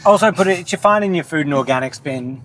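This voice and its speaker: A man co-hosting a casual podcast chat in a moving car, lively and animated. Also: fairly high pitch, fast talker, low-quality recording. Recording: car noise behind.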